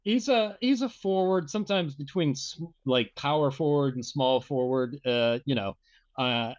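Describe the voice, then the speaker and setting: Middle-aged man talking haltingly. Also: mid-range voice, dry recording. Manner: halting, hunts for words. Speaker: guest. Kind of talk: casual chat.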